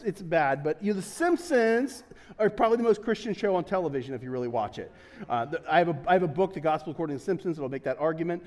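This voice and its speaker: A man's voice: high-pitched, darkish tone, in a large hall. A man preaching a casual sermon as pastor, chatty and joking, laughing often and restarting his sentences. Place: church sanctuary.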